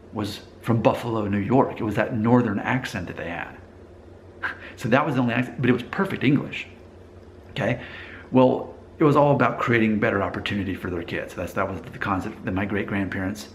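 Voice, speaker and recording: A man's voice: fairly low pitch, gravelly, slight background noise. A man vlogging in a conversational, explanatory way, thinking aloud and restarting sentences as he goes. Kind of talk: casual talking-to-camera monologue.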